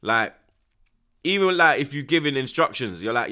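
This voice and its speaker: A young man giving excitable, slang-heavy live commentary on a football match, dropping to hushed mutters and bursting into loud outbursts. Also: medium pitch, moderate pace, pauses often. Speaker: football watch-along streamer.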